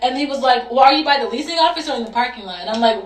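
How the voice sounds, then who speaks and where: A young woman telling a storytime on her vlog, animated and profane, laughing as she goes. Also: high-pitched, very fast, few pauses. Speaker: vlogger. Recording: echoey room, distant mic.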